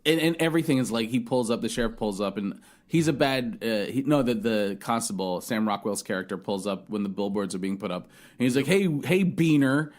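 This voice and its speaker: A podcast host with a lowish, brisk male voice reviews a film in casual chat, rambling, swearing and restarting often.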